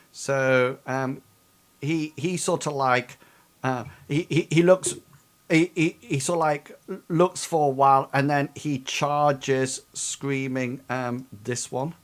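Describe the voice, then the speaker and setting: A man running a tabletop game as game master, describing combat with many pauses and restarts. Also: on the high side, fairly bright tone. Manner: hesitant, full of ums and restarts.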